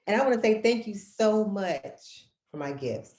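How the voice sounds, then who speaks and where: A woman hosting a podcast, chatting casually with her mother and telling animated stories. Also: mid-range voice, a little slow, hardly any pauses, reverberant. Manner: animated storyteller who acts out quotes. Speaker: podcast host. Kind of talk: casual family chat.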